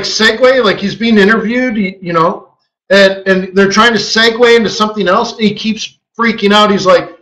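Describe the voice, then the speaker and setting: A man hosting a live trading webinar, telling a story in a casual, animated way and acting out quotes with a chuckle. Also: a little high, poor audio. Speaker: forex market strategist hosting a live webinar.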